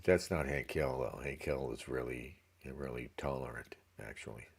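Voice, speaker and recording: A man's voice: very deep voice, moderate pace, creaky, husky. A man ranting sarcastically and with profanity in casual livestream commentary. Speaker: livestream co-host.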